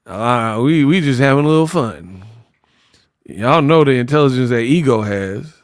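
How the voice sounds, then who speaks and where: A man hosting casual boxing commentary, animated and mocking, slipping into high-pitched impressions. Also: moderate pace, no echo, clean studio sound.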